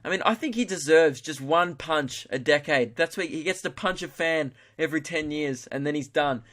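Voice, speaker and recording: A man's voice: on the high side, moderate pace, a bit bright. A young Australian man hosting a solo comedy podcast. He rambles, mocks himself, swears freely and talks in broad slang. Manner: rambling, jokey, self-mocking, swears freely. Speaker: podcast host.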